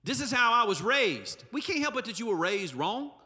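A man's voice: extremely high pitch, big pitch swings, moderate pace, sharp tone, slightly rough, long reverb tail. A male pastor, preaching a humorous, emphatic sermon with asides to the congregation. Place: church sanctuary.

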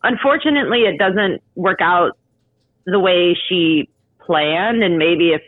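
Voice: medium pitch, measured pace, no echo. A co-host in a casual chat about a play, speaking thoughtfully and analytically. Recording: tinny phone-like call line.

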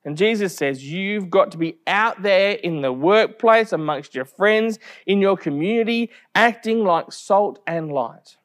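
A man delivering a sermon, telling stories with lively quoted asides. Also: high voice, a little slow, few pauses. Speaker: preacher.

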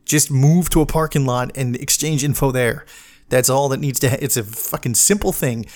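A man's voice: medium pitch, normal speed, a little mellow. A man ranting in a casual podcast monologue, swearing freely and exasperated, sometimes mocking other people in put-on voices. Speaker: podcast host, medic.

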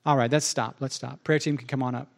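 A man's voice: medium pitch, steady tone, fast, gravelly. A man pastor preaching in a conversational way, acting out both sides of remembered dialogues. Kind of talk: sermon.

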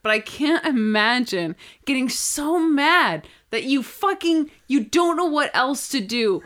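A woman's voice: sits high, animated, takes it slowly, a bit bright. A woman co-hosting a casual podcast, reacting expressively and swearing freely. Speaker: podcast co-host.

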